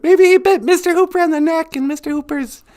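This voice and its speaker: A man putting on a high, giggling sidekick voice that chimes in with quips. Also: brisk, a little mellow. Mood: giggly. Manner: giggling, falsetto.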